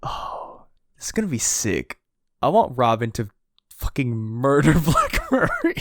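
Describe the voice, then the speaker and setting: A man co-hosting a casual podcast chat, excitable, laughing often and acting out quotes. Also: medium pitch, a little slow, no room sound, clean studio sound. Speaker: podcast co-host. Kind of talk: casual chat reviewing a chapter.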